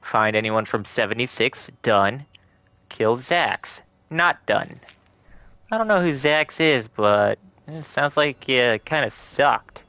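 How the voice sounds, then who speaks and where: A man chatting casually and swearing while playing a co-op game, jokey and excitable. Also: mid-range voice, slow pace, dry recording. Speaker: streamer playing co-op. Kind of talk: casual gaming chat.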